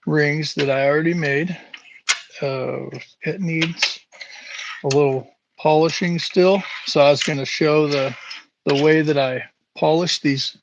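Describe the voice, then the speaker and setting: Slow, halting man in a workshop. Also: fairly high pitch, dull audio. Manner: slow, halting, lots of fillers. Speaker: live stream host. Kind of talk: casual live stream chat while working. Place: home workshop. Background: buffing wheel hum.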